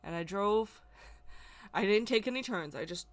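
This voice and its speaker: A woman's voice: medium pitch, animated, moderate pace. A woman telling a personal story in a casual, emotional, rambling way, often repeating herself. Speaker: spiritual vlogger.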